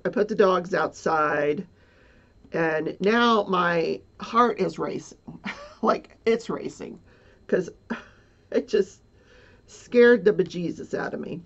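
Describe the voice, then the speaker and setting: Woman, casual storyteller, rambling and flustered, gravelly voice, dull lo-fi recording. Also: lowish voice. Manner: rambling, flustered, many fillers and nervous laughs. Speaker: livestreamer. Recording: dull lo-fi sound.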